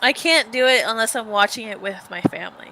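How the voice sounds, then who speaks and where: A woman's voice: fairly high pitch, a little fast, background noise. A young woman co-hosting a podcast in casual chat, telling stories in a rambling way with lots of laughter. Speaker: podcast co-host.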